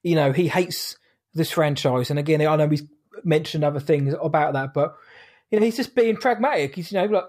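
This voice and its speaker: A man hosting a podcast in a relaxed, informal chat. His voice sits a little higher than most men's. He speaks loosely, throwing in "mate" as he goes. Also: brisk. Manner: chatty, informal, says "mate". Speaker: podcast host. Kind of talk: casual chat.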